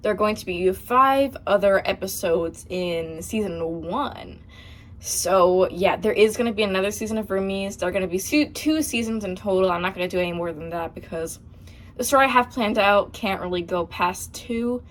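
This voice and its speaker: A young woman talks casually through viewer questions on her channel, pausing with fillers and laughing often. Her pitch sits in an ordinary middle range. A faint hum of ambience sits under her voice. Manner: chatty, hesitant, laughs often. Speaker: channel host. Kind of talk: casual Q&A vlog.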